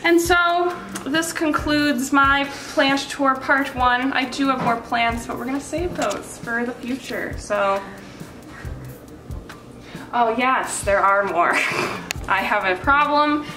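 Her voice high, bright, and forceful but slow, a young woman co-hosting a casual cooking show shows off her houseplants. She's chatty and self-mocking, with crude asides, recorded from a distance in a roomy space with music behind.

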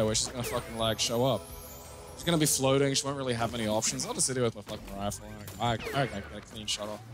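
A man's voice: mid-range voice, fast talker. A man chatting casually over a video game, swearing freely and riffing on silly ideas. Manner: animated, swears freely, riffs on jokes. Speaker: co-host of a gameplay channel. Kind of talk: casual gameplay commentary. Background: game music.

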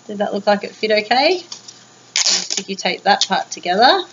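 A woman calmly explaining a craft to young children, step by step. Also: mid-range voice, normal speed. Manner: calm step-by-step instructions. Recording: muffled video with background noise.

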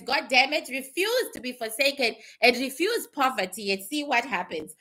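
A woman's voice: high-pitched, moderate pace, hardly any pauses, slight background noise. A woman psychic giving blunt, swearing predictions, with laughing asides and questions she answers herself. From Canada. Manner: animated, asks and answers itself. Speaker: psychic reader.

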